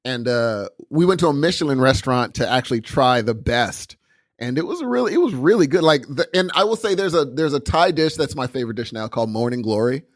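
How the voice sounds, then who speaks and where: A man's voice: medium pitch, fairly quick, no room sound, clean studio sound. A man co-hosting a podcast in casual chat, telling stories and acting out his own thoughts in quoted asides. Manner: animated storytelling, acts out quoted thoughts. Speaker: podcast co-host. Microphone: remote call recording.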